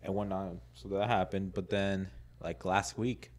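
A man with a fairly low voice telling a long story on a casual podcast. He rambles, fills every gap with "like," and acts out what people said to him. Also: flat delivery, measured pace. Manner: rambling, many "like"s, laughs a lot, acts out quotes. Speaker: podcast co-host.

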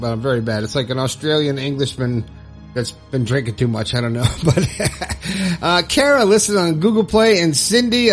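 Friendly podcast guy, kinda high voice, folksy and upbeat, little bit of music under it. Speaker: podcast host. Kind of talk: casual solo podcast talk.

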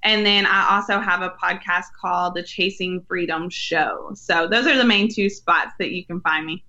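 Bright-voiced earnest young woman. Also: fairly low pitch, normal speed, muffled recording. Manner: earnest, storytelling, animated with laughs. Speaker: podcast guest, women's ministry leader. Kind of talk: faith-based interview conversation.

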